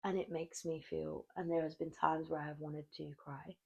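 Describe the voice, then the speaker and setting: A woman's voice: low-pitched, fairly even intonation, normal speed, gravelly, warm tone, breathy edge, highs cut off. A woman from Australia with an Australian accent, a tattoo artist talking thoughtfully and openly about her feelings as a podcast guest. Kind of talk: casual podcast chat.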